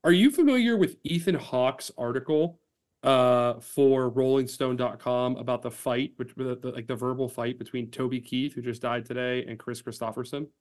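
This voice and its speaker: A man hosting a sports podcast, chatting casually and laughing easily, with lively reading aloud. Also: mid-range voice, normal speed. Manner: animated, laughs easily, reads aloud with gusto. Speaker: podcast host.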